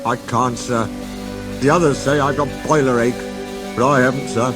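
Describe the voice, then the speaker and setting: A man's voice: medium pitch, steady tone, moderate pace, music in the background, lightly acted. A man voicing a proud, gloomy male express engine who speaks in a huffy, mournful way.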